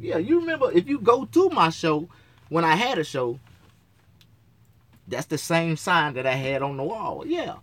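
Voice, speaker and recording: A man's voice: sits high, fairly bright tone, a little hiss or hum. A man hosting his own late-night talk show, ranting in a profane, rambling way from his motorhome. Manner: profane, rambling rant with frequent cursing.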